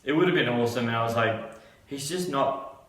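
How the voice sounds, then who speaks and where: A man's voice: mid-range voice, a little fast, a bit bright. A man telling a casual story, rambling with many restarts. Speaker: vlogger. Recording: echoey room.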